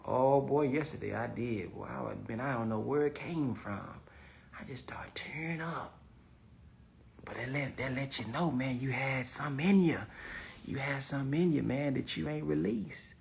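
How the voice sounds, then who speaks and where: In a casual motivational vlog, a man coaching online business speaks reflectively and emphatically, at times near a whisper. His medium-pitched voice is gravelly and moves at normal speed, with a little hiss or hum in the audio.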